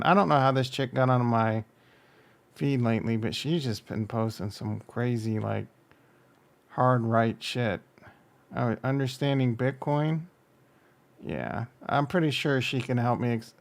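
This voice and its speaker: A man's voice: mid-range voice, creaky. A man reacting to online videos, talking bluntly and joking crudely over the clips.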